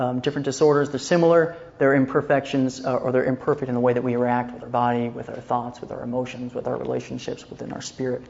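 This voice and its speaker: A man teaching a Christian counseling class in a relaxed, conversational way. He often checks in with his listeners and retells scripture scenes in everyday speech. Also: medium pitch, creaky, highs cut off.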